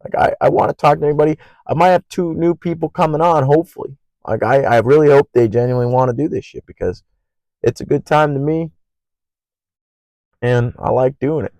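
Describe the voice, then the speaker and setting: A young man hosting his own podcast alone, rambling in an earnest, profane way and naturally loud. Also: a little high, brisk, no echo, poor audio. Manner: loud by habit. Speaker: podcast host. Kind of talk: casual solo podcast monologue.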